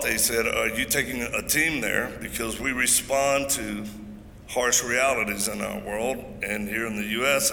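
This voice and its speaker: Forceful preaching man in an echoey hall. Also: mid-range voice, creaky. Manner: emphatic, joking storyteller. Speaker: event speaker. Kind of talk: preaching-style speech. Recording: echoey hall, faint noise.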